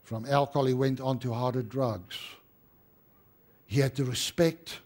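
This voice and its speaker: A man preaching a sermon as pastor, rising to emphatic stress and dropping to hushed tones. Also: mid-range voice, fairly even intonation, unhurried.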